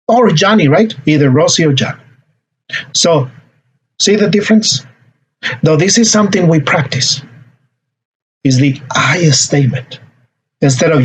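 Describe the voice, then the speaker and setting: A man's voice: fairly high pitch, unhurried, pauses often, breathy edge, low-quality recording. A man giving a lesson on emotional regulation and communication, acting out example dialogues between parents and children. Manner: acts out example dialogues, repeats "no, no, no". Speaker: parenting educator. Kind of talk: teaching a talk on emotional regulation.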